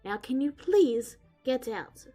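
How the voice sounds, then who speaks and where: A woman's voice: high voice, sing-song, slow, warm tone, faint music behind, full character voice. A woman playing a huffy old dragon man. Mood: irritated. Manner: huffy, shooing people away. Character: grumpy old male dragon in human form.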